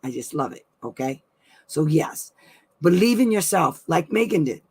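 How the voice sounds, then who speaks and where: A woman's voice: sits low, sing-song, normal speed, a little mellow, slightly rough. A middle-aged woman hosting a weekly live advice stream from home, chatting effusively and laughing often. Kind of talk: casual live-stream chat.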